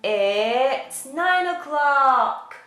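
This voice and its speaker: A woman's voice: high voice, animated, very slow, a bit bright, soft background music, full character voice. A woman voicing a cheerful male wolf who dresses up as a superhero, speaking in a bold, bouncy and proud way. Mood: excited. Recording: echoey room.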